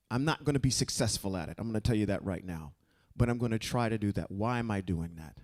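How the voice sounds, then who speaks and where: A man's voice: on the low side, a little mellow. A man leading a casual Bible study, quizzing his listeners and often checking in with "okay?" and "right?". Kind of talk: casual scripture teaching to a group.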